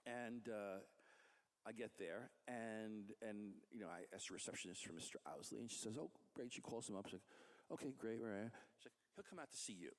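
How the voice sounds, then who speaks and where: A man, a comic book artist, telling a career story in a casual, animated way and acting out the people he quotes. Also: lowish voice, fairly quick.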